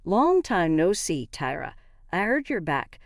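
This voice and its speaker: A woman voicing a pushy middle-aged mother-in-law on a phone call, slow and insinuating. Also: on the low side, sing-song, dry recording, studio quality.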